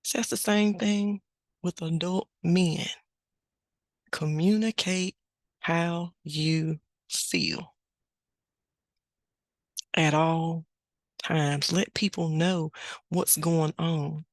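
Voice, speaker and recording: A middle-aged woman hosting a podcast, telling a family story in an unhurried, plain-spoken way. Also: deep voice, fairly even intonation, dry recording. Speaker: podcast host. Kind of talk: casual spoken reflection.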